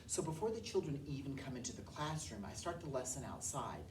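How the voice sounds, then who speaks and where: A woman music teacher, enthusiastic and lively, explaining and leading a workshop. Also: rumbling low, a little fast, far from the mic, noisy background.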